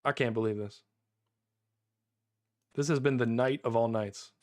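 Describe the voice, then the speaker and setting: An American man streaming a game live, excitable and chatty, repeating himself and laughing often. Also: medium pitch, unhurried.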